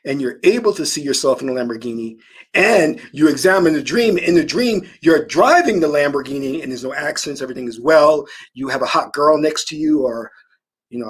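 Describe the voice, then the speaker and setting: A man delivers a motivational talk on manifestation in a husky voice with big swings of pitch. He preaches emphatically, weaving personal stories into his points. His voice sits a little high for a man. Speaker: spiritual manifestation teacher. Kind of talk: motivational spiritual monologue.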